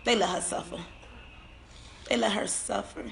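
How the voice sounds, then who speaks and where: A bereaved mother giving an emotional personal account, tearful and halting, often repeating her words and trailing off. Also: medium pitch, gravelly, fairly bright tone, slight background noise. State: tearful, on the verge of crying.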